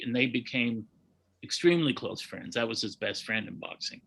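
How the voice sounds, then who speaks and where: A man, a boxing historian, telling animated anecdotes in a casual chat and acting out the quotes. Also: medium pitch, normal speed, vocal fry, low-quality recording.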